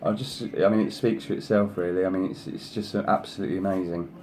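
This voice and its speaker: Fast and steady in tone, with a darkish voice and slight background noise, an adult man hosts a casual craft show-and-tell. He rambles and gushes over each design sample, peppering his talk with "you know," and switches to a higher voice to coax his pet. His sister is past thirty.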